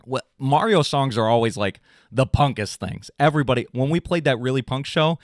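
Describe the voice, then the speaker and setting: A young adult man, a podcast host, ranting in an animated, casual, swearing way. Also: a little fast, dry recording, clean studio sound. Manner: animated, swearing, mocking voices in high pitch. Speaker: drummer in a pop punk band. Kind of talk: casual comedic rant.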